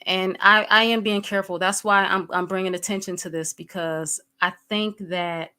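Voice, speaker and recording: A woman's voice: mid-range voice, fairly even intonation, normal speed, bright, forceful tone, smooth. A woman hosting a livestream, talking candidly to her viewers and greeting people in the chat as they arrive. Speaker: livestream host.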